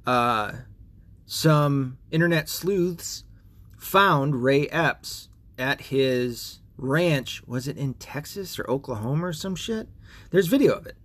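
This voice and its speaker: A man's voice: mid-range voice, expressive, slow, fairly bright tone. A man hosting a podcast, talking in a casual, rambling and profane rant. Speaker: podcast host. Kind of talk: casual monologue.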